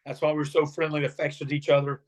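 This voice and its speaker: A man's voice: a little high, rapid-fire. A middle-aged man, a former wrestler, telling stories in an interview and acting out the voices of the people in them. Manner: animated storyteller acting out quotes. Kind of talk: storytelling interview.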